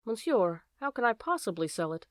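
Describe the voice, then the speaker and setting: A woman's voice: on the high side, sing-song, fairly quick, no room sound, studio quality. Woman reading as an indignant old tattooist. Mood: pleading. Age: 60s. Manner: pleading, indignant. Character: poor old male tattooist, proud and desperate.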